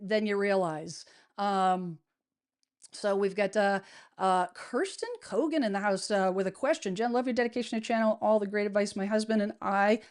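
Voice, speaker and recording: A woman hosting a casual livestream, greeting her chat in an upbeat, chatty way with many fillers and restarts. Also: mid-range voice. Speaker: livestream host, real estate advisor. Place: home studio, indoors.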